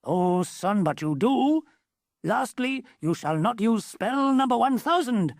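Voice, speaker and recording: A woman's voice: on the high side, animated, slow, a little mellow, no echo, clean studio sound, pitched above the performer's own voice, exaggerated voice. A woman voicing a stern, formal old male genie scolding his son in a storybook. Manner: formal, archaic, solemn.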